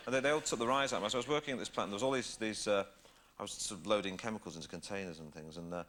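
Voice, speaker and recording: Stammering comedian telling a story. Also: male voice, lowish voice, rapid-fire, fairly bright tone. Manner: stammering, self-mocking storyteller. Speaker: comedian guest. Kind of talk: chat-show anecdote. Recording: noisy old TV broadcast.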